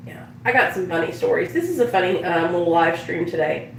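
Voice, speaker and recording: A woman's voice: fairly low pitch, animated, fairly quick, creaky, reverberant, distant mic, a little hiss or hum, rough recording. A woman chatting casually on a live stream, telling stories and swearing freely as she does her makeup. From United States. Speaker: vlogger.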